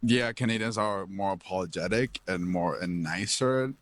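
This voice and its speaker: A man's voice: low voice, normal speed. A man from Nicaragua answering street interview questions hesitantly. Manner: hesitant, unsure.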